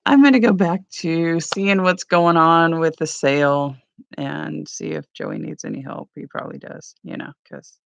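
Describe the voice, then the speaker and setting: A woman's voice: sits low, vocal fry, a bit bright, smooth, no echo. A woman rambling casually at home for her morning vlog, with lots of "like" and "you know.". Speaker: vlogger. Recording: dull lo-fi sound.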